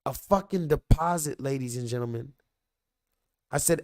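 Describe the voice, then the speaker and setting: A man hosting a livestream, telling a story in animated, profane rants to his viewers. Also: medium pitch, normal speed, pauses often. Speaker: livestream host. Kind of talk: casual livestream commentary.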